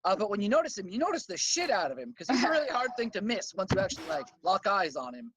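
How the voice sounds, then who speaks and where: Brief: relaxed woman running a tabletop game, faint hiss behind. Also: mid-range voice, fast, rough recording. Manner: laid-back, laughing, lots of fillers. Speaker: dungeon master.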